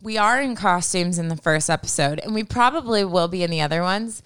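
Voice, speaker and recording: A woman co-hosting a podcast in casual chat, talking with enthusiasm and animated storytelling. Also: fairly low pitch, brisk, smooth, no room sound, studio quality. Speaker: podcast co-host.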